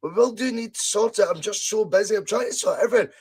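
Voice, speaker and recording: Chatty high-voiced Scottish man. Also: fast, darkish tone, slightly rough. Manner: chatty, laughs often, swears casually. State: strained voice. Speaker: podcast host. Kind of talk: casual live podcast chat.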